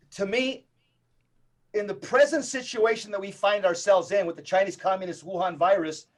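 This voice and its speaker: A Catholic evangelist appears as a guest in a podcast interview, talking rapid-fire in an emphatic, preacher-like way. His voice is high.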